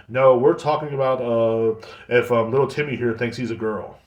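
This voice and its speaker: A man's voice: mid-range voice, fairly even intonation, normal speed. Swearing ranting man in echoey room. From United States. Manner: heated, swearing, mocking voices of others. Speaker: podcast host. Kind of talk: profane ranting monologue.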